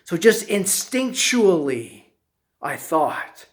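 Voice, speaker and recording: A man telling a personal story as a motivational speaker, slow and deliberate, drawing lessons from it. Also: sits high, lively intonation, a bit bright.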